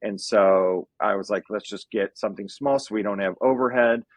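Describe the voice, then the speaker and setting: A man's voice: on the low side, normal speed, no room sound. A man in his thirties, a podcast guest, earnestly telling a personal story that runs close to tears. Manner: earnest, emotional, fighting back tears at times.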